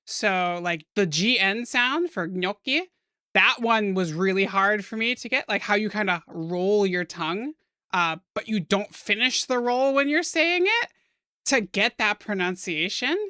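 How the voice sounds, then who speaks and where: A young American woman streaming while she draws, chatting casually with her viewers in a soft-spoken, giggly way. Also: medium pitch, animated, measured pace, clear, resonant tone, dry recording, studio quality. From United States.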